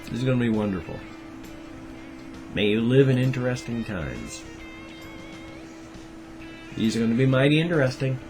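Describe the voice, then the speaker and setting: A man's voice: mid-range voice, expressive, normal speed, pauses often. A man in his fifties talking to camera in a rambling daily vlog, wry and darkly joking. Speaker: daily vlogger. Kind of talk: rambling monologue. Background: music.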